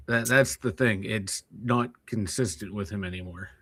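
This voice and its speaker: A man's voice: lowish voice, fairly bright tone, breathy edge, no echo. A man with a Pittsburgh accent co-hosting a casual sports talk show, dropping dry, brief interjections. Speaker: podcast co-host.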